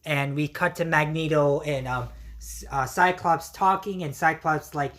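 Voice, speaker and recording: A woman reviewer gushes through a casual episode recap, full of fillers and slang. Her voice sits fairly low and sounds strained from yelling. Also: measured pace. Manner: excitable, many fillers and slang.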